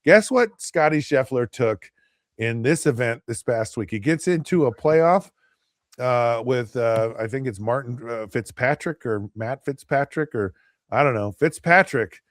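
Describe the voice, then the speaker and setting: A man's voice: mid-range voice, animated, a little slow, no echo, clean studio sound. A middle-aged man hosting a casual sports talk show, rambling and sarcastic, with lots of fillers and restarts. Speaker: host.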